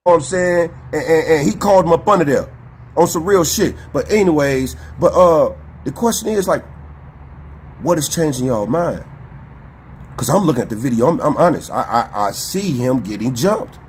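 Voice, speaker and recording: A man's voice: fairly high pitch, animated, normal speed, darkish tone, a little hiss or hum. A man co-hosting a podcast, ranting in a profane, confrontational, emphatic way. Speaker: podcast co-host. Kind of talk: heated casual commentary.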